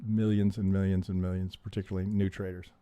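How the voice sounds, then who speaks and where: Male trading coach on a stream, low mellow voice, swears freely, dry close sound, keeps checking "right?". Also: level tone, quick pace, clean tone, no echo, muffled recording. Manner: profane, emphatic, acts out trader reactions, keeps asking "right?". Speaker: trading teacher reviewing charts on a live stream. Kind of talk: animated live-stream chart analysis.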